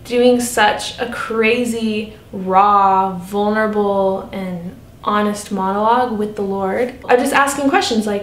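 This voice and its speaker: A woman's voice: slow, hardly any pauses. Earnest chatty young woman in an echoey room. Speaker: vlogger. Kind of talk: casual personal vlog storytelling. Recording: echoey room, faint rumble.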